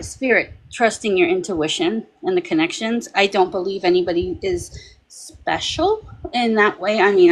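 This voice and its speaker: A woman talks casually on a paranormal discussion panel. She tells a long personal story, animated and chatty, and slips into the voices of the people she quotes. Her voice sits at an ordinary middle pitch. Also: breathy edge, low-quality recording.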